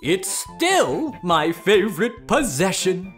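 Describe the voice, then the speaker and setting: A woman playing a calm, content character in a children's educational show. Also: fairly low pitch, takes it slowly, over music.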